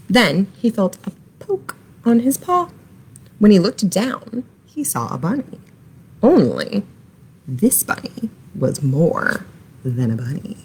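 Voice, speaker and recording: A woman reading a children's picture book aloud at a slow, unhurried pace. Her pitch swings in a lively way, and her voice has a soft, breathy texture. She leans into every line to hold young listeners. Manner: expressive, slow, animated. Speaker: library storytime reader. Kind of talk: children's story read-aloud.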